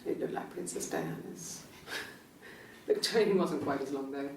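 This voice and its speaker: Soft british wife recalling her wedding, low-ish voice, far from the mic in an echoey room. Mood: calm. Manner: soft-spoken, measured, reflective. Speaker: interviewee in a police interview. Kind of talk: naturalistic screen acting. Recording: roomy interview room from a distance, faint hiss.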